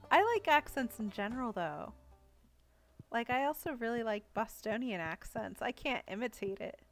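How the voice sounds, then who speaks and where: A young woman streams a cozy farming game, chatting casually with viewers and giggling often as she reads their messages aloud. Her fairly high voice is animated and moves at normal speed, with soft music in the background.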